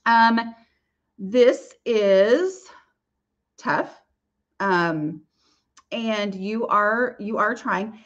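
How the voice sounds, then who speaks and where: A woman's voice: medium pitch, drawn-out words, pauses often, highs cut off. A woman hosting a casual live Q&A and answering viewer questions, talking in a chatty, rambling way with many fillers and restarts.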